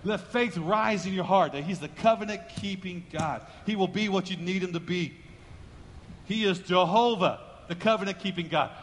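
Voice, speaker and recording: This pastor's voice sits high, trailed by a long reverb tail. He preaches with emphasis, circling back to key phrases and pushing his lines louder as the sermon builds.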